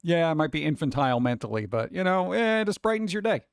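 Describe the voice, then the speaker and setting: Excitable male host, slightly high voice, rambling exclamatory reactions, dead-dry mic. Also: fast talker, gravelly, clear, resonant tone, no room sound. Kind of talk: casual reaction commentary.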